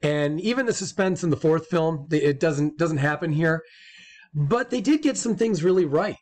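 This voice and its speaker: Male co-host with a fairly high voice, loose and profane, rambling with restarts. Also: normal speed. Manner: stumbling repeats when excited. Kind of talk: casual chat.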